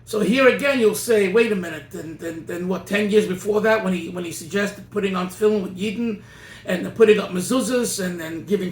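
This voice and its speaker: Guy giving a fired-up rabbi talk, restarts a lot, roomy echo. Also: high voice. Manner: emphatic, animated, many restarts. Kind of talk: sermon-like teaching talk.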